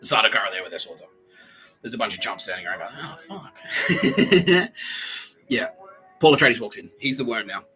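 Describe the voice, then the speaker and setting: A man hosting a comedy podcast, rambling and profane as he retells scenes and acts them out in quick voices. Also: lowish voice, sharp tone, soft background music, rough recording. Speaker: podcast host. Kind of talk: comedic monologue.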